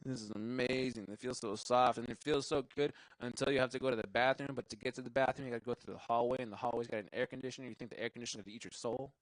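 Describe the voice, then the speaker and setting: A man's voice: medium pitch, fairly even intonation, very fast, hardly any pauses, no echo, poor audio. A young man doing a stand-up comedy set, rambling, cursing freely and laughing at his own jokes. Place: live show venue.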